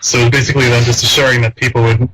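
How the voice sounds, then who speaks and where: A young man co-hosting a casual film discussion, explaining background facts in a steady way. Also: mid-range voice, rapid-fire, low-quality recording. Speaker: podcast co-host.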